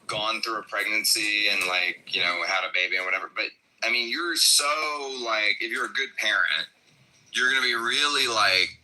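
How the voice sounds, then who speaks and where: A man's voice: on the low side, normal speed, pushed and bright, low-quality recording. A man co-hosting a podcast in loose, rambling casual chat, full of restarts, asides and profanity. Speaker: podcast co-host.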